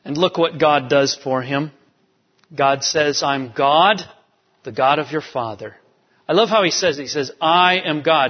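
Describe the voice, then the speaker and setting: A man's voice: a little high, a little slow, slightly rough. A man preaching a sermon as pastor, emphatic, with sudden drops to near-whispers. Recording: dull sound in a long-reverb hall.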